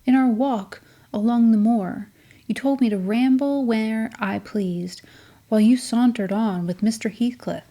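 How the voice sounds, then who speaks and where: A woman reading the part of a tearful, infatuated young woman in an audiobook, speaking in a plaintive, wounded way and pitched a little higher than her narration. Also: unhurried, warm tone.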